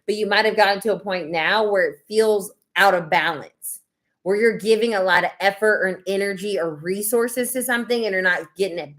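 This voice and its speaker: A woman hosting a live tarot session. She talks in a loose, effusive, chatty way, full of fillers. Her pitch sits in an ordinary middle range. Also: a bit bright. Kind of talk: casual live-stream tarot reading.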